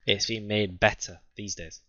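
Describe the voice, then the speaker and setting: A bright, forceful male voice on a lo-fi voice chat recording. He is blunt and opinionated, trading jabs about films in casual argumentative chat and laughing often. His pitch sits a little low. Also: fairly even intonation, normal speed. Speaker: podcast co-host.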